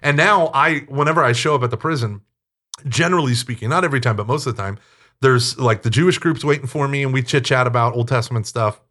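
A man being interviewed, telling stories in a talkative, animated way and acting out quoted speech. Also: medium pitch, fast. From United States. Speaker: interview guest, Catholic teacher. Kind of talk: casual storytelling interview.

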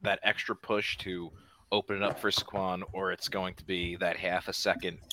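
Male co-host, lowish pitch, sharp bright tone, blunt enthusiastic chat. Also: level tone, normal speed, slight background noise. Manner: blunt, enthusiastic, some swearing. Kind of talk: casual sports chat.

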